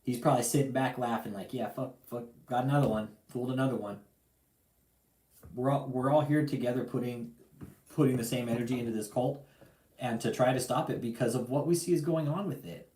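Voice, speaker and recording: A man's voice: mid-range voice, a little fast, mellow, reverberant. A man hosting a livestream, ranting angrily and profanely, repeating himself and calling out his target directly. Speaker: livestream host. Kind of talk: heated livestream rant.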